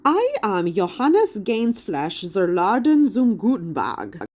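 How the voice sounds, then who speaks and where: A woman's voice: mid-range voice, huge pitch swings, slow, a little mellow, heavily acted. A woman voicing a jovial holographic medieval German printer with a thick German accent for an audiobook. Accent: thick German, put on.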